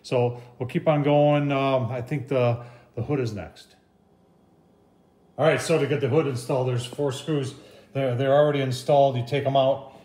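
A folksy man talks viewers through a hands-on assembly in an easygoing, chatty way. He keeps calling his listeners "folks" and drops in "I tell you what". His voice sits at an ordinary pitch and rings in a roomy space. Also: fairly even intonation, normal speed, mellow. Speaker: product reviewer. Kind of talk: casual how-to narration. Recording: roomy echo.

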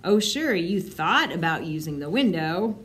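A woman's voice: lowish voice, sing-song, unhurried. A woman voicing a sulky older brother who hates losing, with a whiny, complaining manner.

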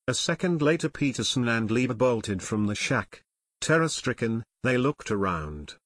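A man reads an audiobook in an expressive way, his pitch moving widely through each sentence. The recording is dry and close, with no room sound. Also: moderate pace, no room sound. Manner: expressive, voices every character. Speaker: audiobook narrator. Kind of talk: audiobook narration.

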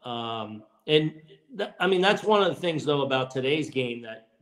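A man's voice: medium pitch, expressive, moderate pace. A middle-aged man, a baseball manager guest, telling childhood stories in a casual interview, with a rambling, restart-filled way of talking. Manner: rambling, frequent restarts and "you know" fillers.

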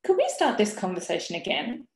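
A woman reading from her own novel, voicing a courteous and bewildered young single mother who tries to smooth things over with a neighbour. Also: mid-range voice, sing-song, a little fast, voice pushed up. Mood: polite. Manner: courteous and conciliatory. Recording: roomy webinar audio.

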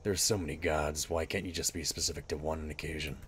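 A man playing a gruff, wry male lizard-folk adventurer while he talks over a video game, with dry sarcastic asides. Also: very deep voice, steady tone, a little fast, a bit bright, a little hiss or hum. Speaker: streamer. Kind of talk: in-character game commentary.

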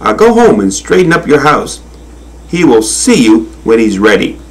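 A man voicing a hurried, brusque male water buffalo in a storybook reading. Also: medium pitch, very animated, close to an everyday voice, poor audio.

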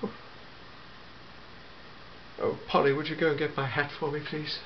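A man voicing an elderly, fussy, grandfatherly time-travelling gentleman in a fan audio drama, full of hmms and eh?s. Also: a little high, little pitch movement, moderate pace, dull audio, slight background noise, close to an everyday voice. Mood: fussy, chatty. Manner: fussy, hesitant, peppered with hmms and eh?s.

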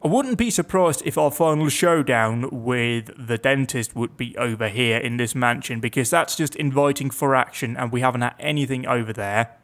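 A man's voice: mid-range voice, normal speed, fairly bright tone. A young man giving casual, chatty commentary on a game, reading its text aloud with wry asides. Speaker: let's play gamer.

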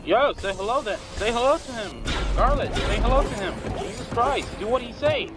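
A man's voice: very high voice, expressive, moderate pace. A young man casually commenting on a video game, exasperated, swearing and reacting jumpily. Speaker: gamer streaming Roblox play. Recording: game music loud behind voice. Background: loud game music.

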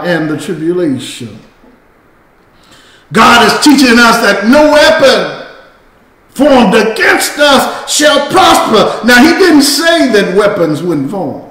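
Guy preaching real slow, rising to shouts, roomy church sound. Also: high voice. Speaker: pastor. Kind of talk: sermon. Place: church sanctuary.

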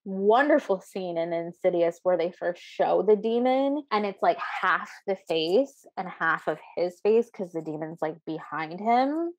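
A woman co-hosting a podcast and picking a film apart, swearing freely and hammering her points home with heat. Her voice sits at a middle pitch, close and dry on the mic. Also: darkish tone, dry recording. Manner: profane, heated, emphatic complaining. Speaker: podcast co-host. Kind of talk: casual ranting film review chat.

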